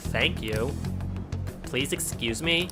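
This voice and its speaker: A man's voice: mid-range voice, takes it slowly, music in the background, lightly acted. A man voicing a polite young female student who works as a model, with a Valley Girl accent. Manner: polite, apologetic.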